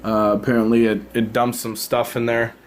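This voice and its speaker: A man's voice: mid-range voice, little pitch movement, moderate pace, slight background noise. A man giving a casual hands-on product demo at home beside a tank, filming on a handheld phone and rambling with lots of fillers and self-corrections. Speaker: product reviewer.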